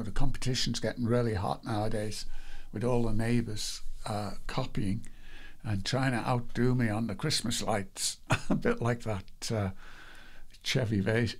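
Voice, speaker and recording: A man's voice: medium pitch, gravelly. A man hosting a live devotional stream, chatting casually and greeting viewers one by one, rambling a little with fillers. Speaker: devotional livestream host.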